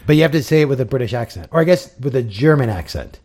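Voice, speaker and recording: Male co-host, animated pitch, relaxed banter. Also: fast talker. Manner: easygoing, lively, filler-heavy. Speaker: podcast co-host. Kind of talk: casual podcast chat.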